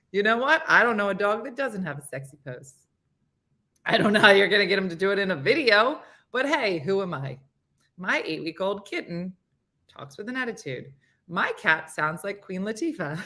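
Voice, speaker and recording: A woman's voice: mid-range voice, big pitch swings, moderate pace, sharp tone. A middle-aged woman hosting a casual morning show, reading viewer comments in a playful, laughing manner. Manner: playful, laughing, mimics pets' voices.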